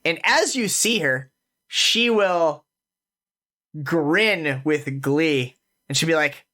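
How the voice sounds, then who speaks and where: Lively casual male game master. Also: fairly high pitch, slow pace. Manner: casual, filler-heavy narration. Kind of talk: narrating a tabletop game.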